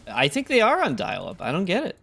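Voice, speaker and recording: A man's voice: high-pitched, wildly swooping pitch, a little fast, vocal fry, bright, forceful tone. A tired man giving casual, laid-back gameplay commentary, thinking aloud with a wry tone. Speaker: gaming content creator.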